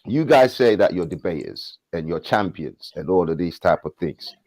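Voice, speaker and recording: A man's voice: low voice, expressive, moderate pace, a little mellow, a little hiss or hum. A man calling into an online debate, pressing his point animatedly and mimicking his opponents. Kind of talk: casual online group chat. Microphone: online call.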